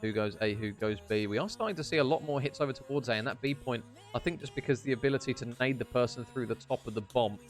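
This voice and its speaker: A young man casts a competitive shooter match live, calling kills and rounds in a middle-pitched, everyday voice. He keeps it chatty and jokey between rounds. Faint music plays underneath. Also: quick pace. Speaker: esports caster. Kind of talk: live esports play-by-play commentary.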